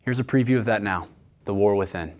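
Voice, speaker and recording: A man's voice: on the low side, a little fast. A man hosting a show, thanking his guest and announcing upcoming episodes in a plain, friendly way. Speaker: host. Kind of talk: interview and show host talk.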